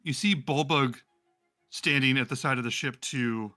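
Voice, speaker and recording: A man narrating as game master of a tabletop game, rambling with many pauses and restarts. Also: mid-range voice, pushed and bright, faint music behind.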